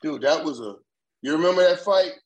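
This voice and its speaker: Older male co-host, slightly high voice, rambling and excitable. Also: brisk, crowd noise, rough recording. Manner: rambling, repeats words, excitable storytelling. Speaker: sports talk co-host. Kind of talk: casual sports chat.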